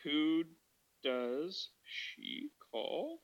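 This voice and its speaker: A man in a casual group chat, excitable and joking. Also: fairly high pitch, very slow, crowd noise. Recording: dull lo-fi remote audio.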